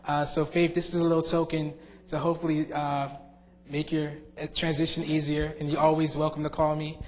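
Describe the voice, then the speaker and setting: A young man speaks in a fairly high voice, with many "um"s and restarts. He gives a sincere farewell speech as a student board member. The long reverb of a large meeting hall trails each phrase. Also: monotone. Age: young adult. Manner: halting, many fillers and restarts. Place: school board meeting room.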